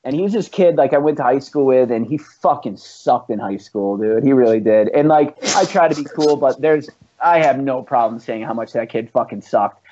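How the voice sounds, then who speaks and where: This man's voice is medium in pitch and dark in tone, moving at a moderate pace with a little background noise behind it. A guest on a muffled lo-fi podcast, he's a founding musician of a band, laughing through meandering, expletive-heavy anecdotes in casual conversation.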